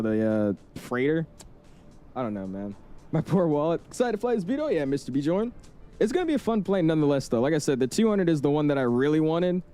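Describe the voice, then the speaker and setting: Laid-back man streaming, mellow voice. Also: on the high side, clear, resonant tone. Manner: laid-back, slangy, keeps calling the chat "man" and "dude". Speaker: flight sim live streamer. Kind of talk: casual live-stream chat.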